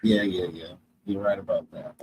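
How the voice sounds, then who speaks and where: A man hosting a podcast, asking questions in a relaxed, easygoing way. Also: low voice, moderate pace, a little hiss or hum, poor audio. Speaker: podcast host. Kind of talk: casual interview chat.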